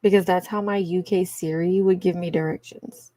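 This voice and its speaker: A Cajun-accented woman hosting a livestream keeps up a casual chat with her viewers, laughing often and calling them y'all. Her lowish, mellow voice holds a steady tone at a normal speed, with no room sound.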